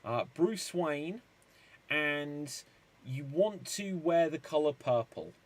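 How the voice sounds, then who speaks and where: A man hosting a live-streamed improv show, upbeat and quick to laugh. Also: on the high side, lively intonation. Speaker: improv game host.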